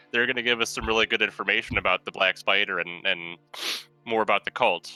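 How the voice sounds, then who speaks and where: A man's voice: lowish voice, pushed and bright, smooth, no room sound, rough recording. A man in an online tabletop game, talking in a rambling way full of fillers. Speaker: player. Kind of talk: casual tabletop role-play over voice chat.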